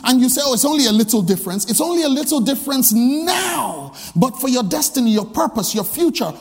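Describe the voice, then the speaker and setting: A middle-aged man preaching a sermon, telling family stories and often changing his pitch and voice to act out the people he quotes. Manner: animated, breaks into pitched voices for quoted characters. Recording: long hall reverb.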